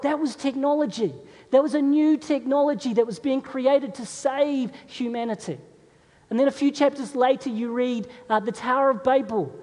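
A man's voice: very high voice, a little mellow. A man, a pastor, preaching a sermon in a conversational, storytelling way and putting questions to his congregation. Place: church. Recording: long reverb of a large hall.

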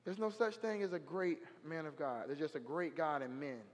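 A young man preaching a sermon in an animated, slangy storytelling way, his voice rising to shouts at the high points. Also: moderate pace, a little hiss or hum. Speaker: guest preacher. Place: church sanctuary. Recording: long hall reverb.

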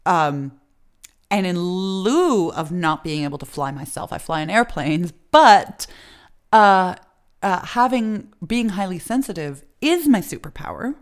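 Middle-aged woman guest, chatty, lots of ums and laughs, lowish voice. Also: animated, unhurried. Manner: chatty, many fillers, laughs while telling. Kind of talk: casual interview storytelling.

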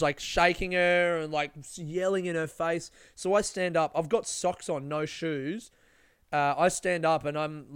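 Young man, slightly high and smooth, rambling storyteller who swears a lot. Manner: rambling, lots of swearing and fillers. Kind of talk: casual storytelling.

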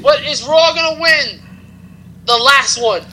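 Bright, very high-voiced man recapping. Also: a little slow, slight background noise, rough recording. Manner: rambling recap, many "um" fillers, chuckling asides. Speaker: podcast host. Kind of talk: casual wrestling recap chat.

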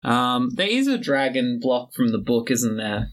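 A man running a tabletop role-playing game as game master, describing scenes in a relaxed storytelling manner. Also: medium pitch, a little slow, background noise. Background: background music.

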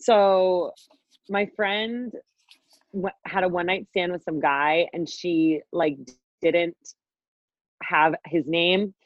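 A woman's voice: lowish voice, fairly even intonation, slow, long pauses, no echo, lo-fi sound. Laughing, swearing young woman podcaster. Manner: laughs a lot, swears freely, rambling storytelling. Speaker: podcast co-host. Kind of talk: casual chat.

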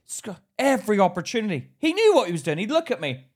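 A young man co-hosting a podcast, with a fairly high voice that swings widely in pitch. He is blunt and brash, and he acts out the stories he tells. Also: huge pitch swings, quick pace. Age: young adult. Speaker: podcast co-host. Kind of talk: casual chat.

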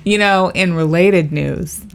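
A woman co-hosting a casual chat, giving short reactions and halting asides. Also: lowish voice, gravelly.

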